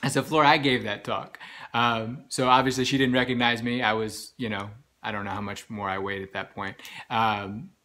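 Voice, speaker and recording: A man giving an earnest, halting personal health update while recovering from serious illness, with many pauses and restarts. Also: lowish voice, steady tone, sharp tone. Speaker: vlogger sharing a health update. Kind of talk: personal storytelling.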